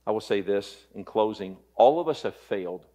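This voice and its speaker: A male pastor delivering a Sunday sermon, an impassioned preacher who swings between loud peaks and hushed, low passages. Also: lively intonation, moderate pace.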